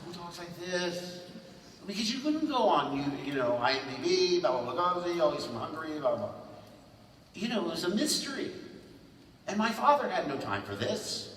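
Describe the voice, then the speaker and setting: In a vast convention hall, captured from a distance with a roomy sound and slight background noise, a man in his sixties tells stories on a fan panel. His voice is a little high, and he's animated, breaking into quick character voices.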